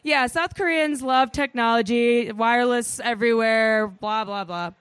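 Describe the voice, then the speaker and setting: A woman telling a comic travel story on stage, animated, swearing freely and saying "like" a lot. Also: a little high, measured pace, clear, resonant tone, no room sound. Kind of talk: live comedic storytelling.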